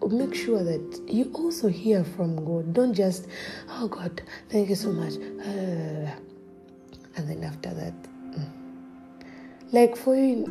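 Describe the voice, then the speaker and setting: A woman's voice: fairly low pitch, gravelly. A woman giving casual, earnest spiritual encouragement as a podcast host. She often laughs lightly and at times drops to a near-whisper. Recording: music playing behind.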